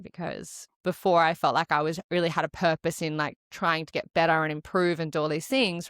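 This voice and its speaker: A woman's voice: on the low side, fairly bright tone, clean tone, dry recording, studio quality. An Australian woman co-hosting a podcast, chatting casually and laughing often, with plenty of "like". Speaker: podcast co-host. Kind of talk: casual chat.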